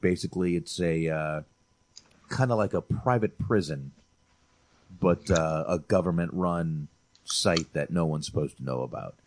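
A deep-voiced man with a measured pace co-hosts a movie review podcast. He keeps the chat casual and animated, peppered with profanity and repeated uses of "dude" toward his friend.

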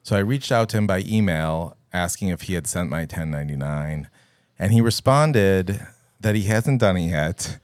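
A man telling a story in casual podcast chat, animated and laughing as he goes. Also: sits low, moderate pace, no echo, studio quality. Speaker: podcast producer.

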